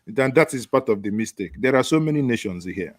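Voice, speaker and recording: The host, a man with a Nigerian accent, takes calls and ridicules the news with sarcastic humor on his satirical chat show. His medium-pitched delivery is expressive and slightly quick, captured in a dry recording.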